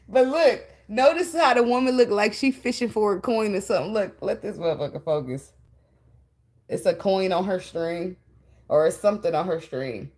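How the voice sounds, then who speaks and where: A woman's voice: mid-range voice, moderate pace, a little mellow. A woman giving a casual tarot reading, blunt and profane, laughing often as she talks. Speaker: tarot reader.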